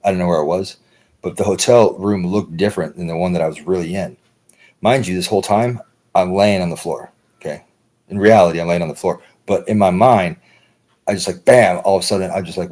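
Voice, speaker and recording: Deep husky American man rambling. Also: a little mellow. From United States. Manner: loose, profane, repeats "right?". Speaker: livestream host. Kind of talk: rambling casual monologue.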